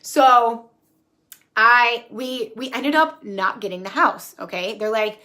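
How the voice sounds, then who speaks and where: A woman in her thirties, talking into her phone at home. Her voice is bright and sits a bit high. She tells her story in a chatty, animated way, with plenty of swearing. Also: unhurried. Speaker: spiritual coach and vlogger. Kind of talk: casual storytelling vlog. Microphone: phone camera.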